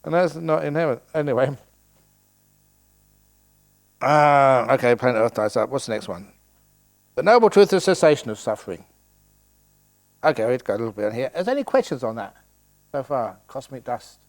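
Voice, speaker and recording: A man's voice: medium pitch, animated, moderate pace, creaky, pauses often. An older man giving a playful dharma talk at a meditation retreat, joking and laughing as he teaches.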